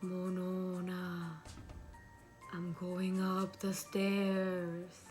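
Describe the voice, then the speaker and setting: A woman doing a slow, low, creeping dead voice. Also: monotone, darkish tone, faint music behind. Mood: menacing.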